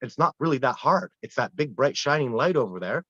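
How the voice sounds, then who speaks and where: A man who guides wilderness expeditions, telling earnest, animated stories in a casual interview with frequent restarts. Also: mid-range voice, a little fast, dry recording. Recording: dull, lo-fi dry sound.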